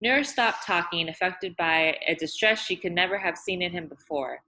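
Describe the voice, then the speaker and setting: Woman reading a novel aloud, low-pitched. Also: pushed and bright. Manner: measured reading with occasional restarts. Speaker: audiobook reader.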